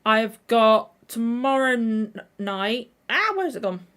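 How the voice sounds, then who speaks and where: A woman's voice: fairly high pitch, expressive, slow pace, a bit bright, clear, resonant tone. Tired woman rambling on a livestream. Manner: rambling, self-correcting. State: tired, throat a little tender. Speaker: reaction channel host. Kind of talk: casual livestream chat.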